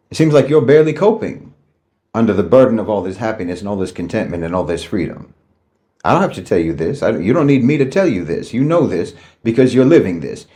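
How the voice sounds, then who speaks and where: Mellow man lecturing the listener. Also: lowish voice. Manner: measured, lecturing, addresses listener directly. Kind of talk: lecturing monologue.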